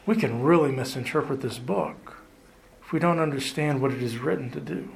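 A man preaching a sermon as pastor, earnest, slowing down and lifting his voice to stress key words. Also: medium pitch, vocal fry, a little hiss or hum, low-quality recording. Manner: earnest preaching, slows and rises for emphasis, occasional restarts.

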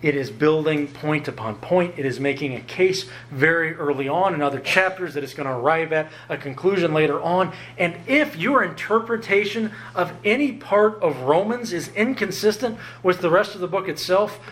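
A man preaching a sermon, emphatic and lively, often jumping up in pitch to drive home a point. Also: moderate pace, hardly any pauses. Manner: emphatic, rises sharply in pitch to stress points. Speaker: pastor.

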